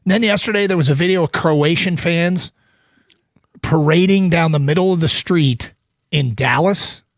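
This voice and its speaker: A man's voice: a little high, normal speed, no room sound. A man hosting a sports talk radio show, chatting enthusiastically in a studio. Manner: enthusiastic, animated. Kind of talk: casual sports radio chat.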